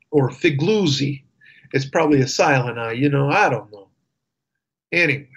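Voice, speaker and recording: A male radio host with a slightly high, fairly bright voice reads the news. He drops in wry, sarcastic asides and filler words, keeping the commentary casual.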